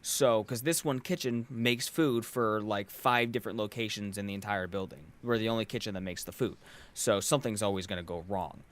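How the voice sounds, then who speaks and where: A man's voice: fairly low pitch, fairly quick. A young man hosting a podcast, telling a long exasperated story with sardonic asides and frequent swearing, worn out from work. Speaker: podcast host. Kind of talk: casual podcast rant.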